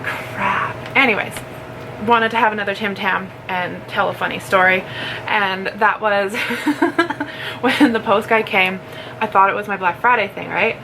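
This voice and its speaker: A woman talks loosely and happily to her viewers from home, munching snacks between sentences as she rambles along. Her pitch sits at a middling height, and a steady noise runs clearly under the recording. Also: unhurried. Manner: eats snacks while talking, rambling and giggly. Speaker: vlogger. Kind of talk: casual chatty unboxing vlog. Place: home, indoors.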